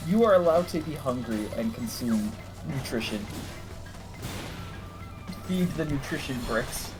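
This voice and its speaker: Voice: medium pitch, animated, a little slow, over music, low-quality recording. A playful, joking co-commentator calling a tournament in casual chat from home.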